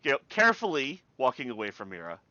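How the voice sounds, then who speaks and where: A man's voice: medium pitch, wildly swooping pitch, fast talker, sharp tone, no echo, muffled recording. A man narrating as game master, plainly explaining the rules and enemy moves.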